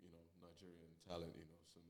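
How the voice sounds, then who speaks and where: A man's voice: low-pitched, fast. A man, a musician as interview guest, talking casually and loosely with many fillers. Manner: relaxed, many fillers and "you know".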